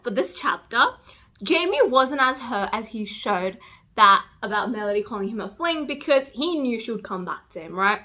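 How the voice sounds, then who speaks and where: A young adult woman talks to her camera in a casual reading vlog, her voice a little high, bright and forceful. As a book vlogger she swears freely, swinging between loud outbursts and hushed whispers.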